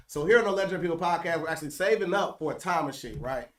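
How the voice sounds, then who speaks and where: A man's voice: on the high side, lively intonation, very fast, a bit bright, distant mic. A man hosting a podcast, asking loose, playful questions that are full of fillers. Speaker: podcast host. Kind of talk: casual interview. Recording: echoey, off-mic room sound.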